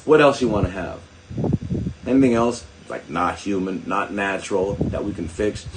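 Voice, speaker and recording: A man's voice: on the low side, expressive, moderate pace, noisy background. An older man, a doctor hosting a live stream, talking in a digressive, sarcastic way with mocking asides to his viewers. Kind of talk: rambling live-stream talk.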